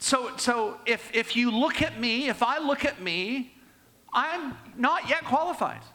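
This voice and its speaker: An older man preaching a sermon and telling personal stories, swinging between raised and hushed delivery. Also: very high voice, animated, unhurried.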